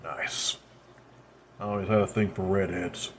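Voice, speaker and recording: A man voicing a bitter, worn-out grown man who mutters bluntly and crudely in a tired, low-energy way. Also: little pitch movement, a little slow, slight background noise. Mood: bitter weary.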